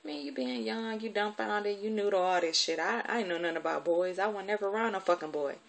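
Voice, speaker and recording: A woman's voice: medium pitch, brisk, creaky. A woman telling a personal story from her childhood in a candid, conversational way, with plenty of profanity.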